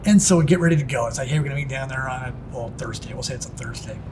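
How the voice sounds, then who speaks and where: A man's voice: medium pitch, fairly even intonation, racing, darkish tone, slight background noise. A middle-aged man who works as a pinstriping artist tells stories about his work in a casual interview, rambling and restarting with plenty of "it's like" asides.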